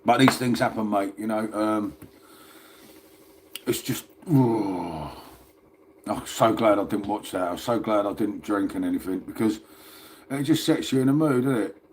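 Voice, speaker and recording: A man's voice: fairly low pitch, brisk, slight background noise. A man hosting a casual livestream from his phone, chatting and rambling and calling his viewers "mate". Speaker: livestream host.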